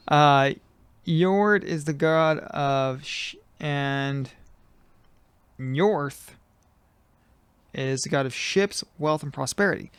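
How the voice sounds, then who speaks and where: Male podcast co-host, smooth resonant voice, dry sound, easygoing and jokey. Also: fairly high pitch, drawn-out words, pauses often, fairly bright tone, no echo. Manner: loose, jokey, trailing off with ums. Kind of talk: casual chat.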